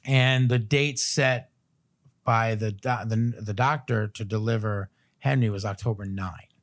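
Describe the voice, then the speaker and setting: A man in his thirties, a podcast guest, telling a long personal story in a loose, animated way, full of fillers and little chuckles. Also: on the low side, measured pace. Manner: loose filler-heavy phrasing. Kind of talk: casual storytelling chat.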